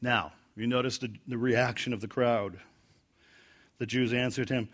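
A man preaching verse by verse from the Bible, acting out quoted lines loudly and dropping to a quiet, low voice when he explains them. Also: moderate pace. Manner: animated, acts out quoted lines with rising pitch and volume.

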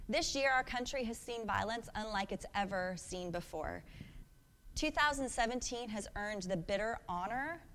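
A woman's voice: mid-range voice, fairly bright tone, big-room sound, a little hiss or hum. A woman in her thirties preaching a sermon, earnest and reflective, asking the congregation questions. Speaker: pastor.

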